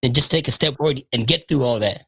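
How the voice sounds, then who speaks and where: A man's voice: medium pitch, quick pace, gravelly, fairly bright tone, breathy edge, dry recording, poor audio. A man hosts a faith podcast, talking in a reassuring way and leaning on "you know." His voice sits mid-range. The sound is dry and close. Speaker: podcast host.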